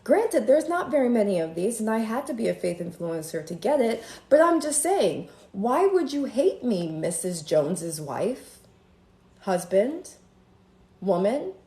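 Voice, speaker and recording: A woman chatting on a live stream from home in a gossipy, animated way, now and then drifting into sing-song lines. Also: a little high, a little slow. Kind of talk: rambling casual live-stream chat. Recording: roomy echo with faint ambience.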